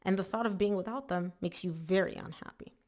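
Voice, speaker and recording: A woman's voice: medium pitch, fairly quick, a little mellow. A woman giving a casual tarot reading, chatty and emphatic, often saying "like" and acting out the listener's worries. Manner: chatty and emphatic, lots of "like" and "oh my gosh". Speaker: tarot reader.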